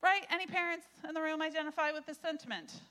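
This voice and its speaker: A woman in her thirties, a pastor, giving an animated, conversational sermon with frequent laughter. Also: high voice, fast.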